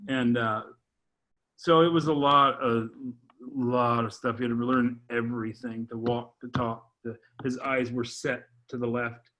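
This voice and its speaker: Halting man telling a personal story. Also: mid-range voice, steady tone, fairly bright tone. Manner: halting, with frequent restarts and repeated words. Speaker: podcast guest, father. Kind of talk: heartfelt personal testimony in conversation.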